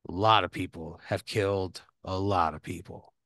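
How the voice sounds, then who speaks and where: A man's voice: sits low, steady tone, moderate pace, fairly bright tone, no room sound, pitched below the performer's own voice. A man voicing a scheming male prison warden who pushes and coaxes in an everyday voice, recorded on a dry close mic. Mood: persuasive. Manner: wheedling, leaning in to pressure.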